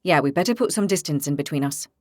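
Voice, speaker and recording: A woman voicing a calm, decisive young male ranger leader in an audiobook, close to her own voice. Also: fairly high pitch, fast, no room sound, voice pushed down, close to an everyday voice.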